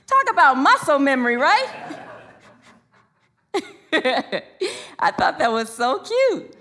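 A middle-aged woman minister preaches in a high voice, drifting into anecdotes and laughing at her own stories. Her tone is bright and forceful, and she jumps up in pitch when she acts out what others said. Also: slow, long pauses. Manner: storytelling with frequent laughs and asides, rising excitedly for quotes. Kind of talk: sermon.

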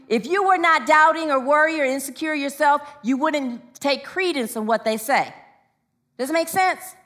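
Female preacher, emphatic call-and-response sermon, bright tone. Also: sits high. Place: church.

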